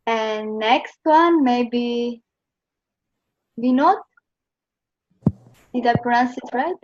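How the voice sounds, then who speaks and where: A woman's voice: on the high side, drawn-out words, noisy background. A woman from Slovenia teaching Chinese pronunciation over a video call, patiently repeating each sound for her students. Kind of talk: online pronunciation lesson. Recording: muffled video-call audio.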